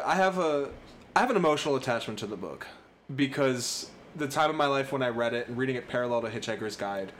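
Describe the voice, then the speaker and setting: A man's voice: mid-range voice, fairly bright tone. Sarcastic man joking on a podcast. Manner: sarcastic, joking, swears casually. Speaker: podcast co-host. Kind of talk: casual chat. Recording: faint background noise.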